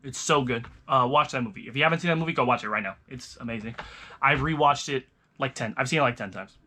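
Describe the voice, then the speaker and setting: A man's voice: medium pitch, fast, bright, forceful tone. A young man chatting casually as a vlogger, rambling and restarting his sentences often. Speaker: vlogger reviewing movies. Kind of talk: casual chat.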